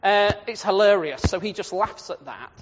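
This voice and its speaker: A man preaching a sermon on the Psalms, lively and animated, acting out quoted voices and laughing at his own points. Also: high voice, moderate pace, a little hiss or hum. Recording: dull lo-fi sound with long hall reverb.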